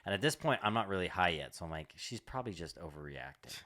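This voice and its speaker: Low-voiced young man rambling through a story. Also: lively intonation, quick pace, bright, forceful tone. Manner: rambling, swearing, lots of "like". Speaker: comedian podcast co-host. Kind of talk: casual storytelling chat.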